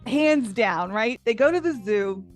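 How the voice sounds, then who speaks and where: A woman's voice: fairly high pitch, measured pace, faint music behind. A woman co-hosting a podcast, chatting casually as she recaps a TV episode and acts out the characters' lines. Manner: animated storytelling, acting out characters' lines. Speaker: podcast co-host.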